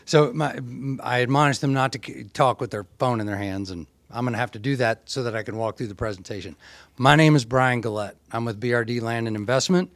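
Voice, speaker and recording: A man in his fifties who speaks haltingly and corrects himself as he begins a presentation at a town meeting. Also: mid-range voice, dry recording. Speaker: land developer presenting. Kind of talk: public presentation.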